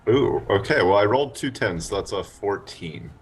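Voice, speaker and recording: Brief: lower-voiced man, swings in pitch, jokey tabletop player. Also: lively intonation, normal speed, breathy edge. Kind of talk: casual tabletop game chat.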